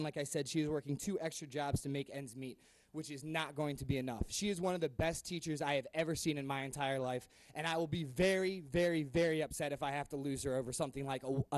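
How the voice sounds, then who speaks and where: A man's voice: fairly high pitch, quick pace, dry recording, poor audio. A young man, a school department head, giving an earnest, impassioned public comment with frequent ums. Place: public board meeting room.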